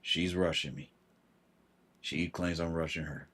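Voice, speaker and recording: A man telling a personal story on a livestream, halting and repeating himself, with frustration in his voice. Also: deep voice, steady tone, a bit bright, slightly rough. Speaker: vlogger.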